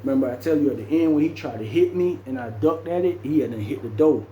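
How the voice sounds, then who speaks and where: A man with a voice on the high side rattles quickly through a casual, animated story of his jail days, acting out quotes and adding sound effects. The recording is poor and reverberant, carrying slight background noise.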